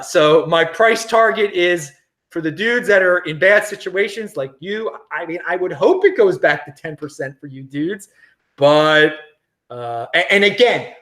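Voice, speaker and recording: A middle-aged American man hosting a casual livestream, reading viewer comments in an animated, chatty way with frequent laughs and restarts. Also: sits high. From United States. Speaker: crypto livestream host.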